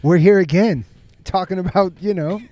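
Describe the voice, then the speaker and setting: A man's voice: high voice, normal speed, mellow. A man hosting a casual podcast chat, joking loosely and laughing often. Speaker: podcast host.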